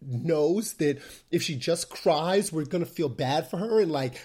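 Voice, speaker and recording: A man hosting his own podcast, talking casually in an energetic, chatty way with plenty of fillers. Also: a little high, unhurried, breathy edge. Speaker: podcast host. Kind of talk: casual solo podcast talk.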